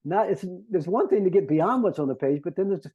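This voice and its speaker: High, husky, and animated, this composer's voice runs a little fast over dull audio. He teaches conductors about his scores with earnest care, humming melodies to illustrate.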